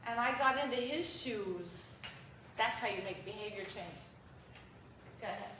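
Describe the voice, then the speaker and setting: An American woman giving a talk at an event, telling stories with animated quoted voices, asking for the next slide. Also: mid-range voice, a little slow, background noise. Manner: animated storytelling, acts out quotes. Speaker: vegan speaker giving a talk. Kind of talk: conference presentation with slides. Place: event hall at a festival. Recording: echoey hall, distant mic.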